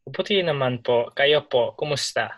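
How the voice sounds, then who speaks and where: A man's voice: medium pitch, expressive, a bit bright, lightly acted. A man voicing Pedro, a polite schoolboy greeting a friend's mother, read carefully as a learner's exercise. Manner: careful, slow learner reading.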